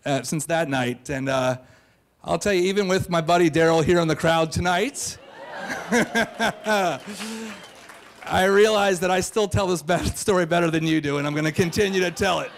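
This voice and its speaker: Male live storyteller, high-pitched, brash and self-mocking, stage mic. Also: normal speed, long pauses. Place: theater stage before a live audience.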